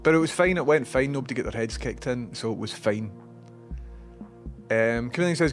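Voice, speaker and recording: A man's voice: medium pitch, brisk, faint music behind. A man with a Scottish accent who streams, rambling casually and self-mockingly while reading out viewer messages.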